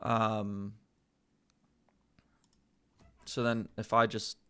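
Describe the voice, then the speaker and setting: An American man hosting a casual live chat, slowly sounding out words with many fillers and pauses. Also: lowish voice, flat delivery, a bit bright, clean tone. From United States. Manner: slow, hesitant, full of fillers, sounding out words. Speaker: livestream host learning Polish.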